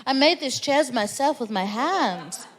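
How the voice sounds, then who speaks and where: Female host, high lively voice, playful banter, live club noise faint. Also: a little slow, a crowd in the background. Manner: bubbly, playful banter with the audience. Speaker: comedy show host. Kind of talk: live show hosting and promo.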